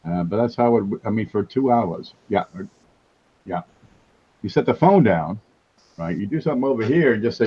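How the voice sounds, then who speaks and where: A man's voice: lowish voice, expressive, moderate pace, pauses often, slightly rough, lo-fi sound, faint music behind. A man hosting a casual livestream chat, wisecracking and joking as he talks. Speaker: host.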